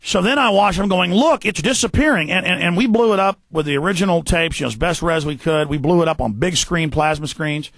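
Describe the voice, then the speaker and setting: Gravelly ranting radio host, man. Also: fairly high pitch, no echo. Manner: fast, forceful ranting with stumbling repeats. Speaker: radio talk show host. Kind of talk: heated radio monologue. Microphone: studio microphone.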